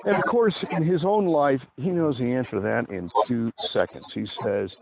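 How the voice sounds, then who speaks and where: A man at an ordinary mid pitch, narrating his own advice book in a rambling, chatty way that keeps wandering into asides. The sound is narrow and phone-like, with a faint hiss underneath. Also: very animated, moderate pace, vocal fry, few pauses. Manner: chatty, digressive, lots of asides.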